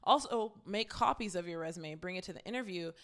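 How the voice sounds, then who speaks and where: A young woman co-hosting a podcast, telling work stories in casual, animated chat full of swearing. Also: lowish voice, quick pace. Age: young adult. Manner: animated, profane storytelling. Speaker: podcast co-host.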